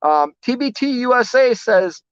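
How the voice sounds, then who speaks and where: A man's voice: very high voice, animated, normal speed, fairly bright tone, clean tone, dry recording. Man, trucker streamer, casual live chat, rambling, self-deprecating, dull lo-fi audio. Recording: dull lo-fi, dry close sound.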